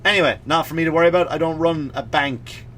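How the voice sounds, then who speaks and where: Bright-voiced sarcastic male comedian ranting. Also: a little high, fast. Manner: sarcastic, mock-serious asides. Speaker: comedian podcast host. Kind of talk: comedic rant.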